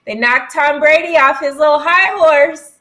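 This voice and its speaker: Woman, young adult, high voice, crisp and bright, chatty sports co-host. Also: normal speed. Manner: chatty, acts out quotes with slangy asides. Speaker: co-host of a sports talk show. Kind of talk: casual sports talk.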